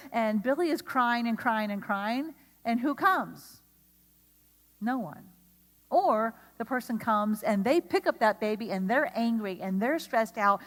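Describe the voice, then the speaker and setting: Woman lecturing teachers in a reverberant hall. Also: a little high. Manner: animated, asks the audience questions. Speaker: speaker at an educator training.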